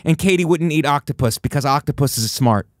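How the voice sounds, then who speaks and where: A high-voiced man rants in a comic monologue, getting mock-indignant and acting out the other person's lines. The sound is dry and close, with no room around it. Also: brisk, dry recording. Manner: animated, mock-indignant, acts out quotes.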